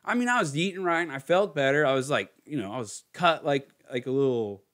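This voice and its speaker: A man's voice: mid-range voice, animated, fairly quick, a bit bright. A young man, a comedian, chatting casually and telling crude self-mocking stories with acted-out quotes. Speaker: comedian, podcast host. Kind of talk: casual chat.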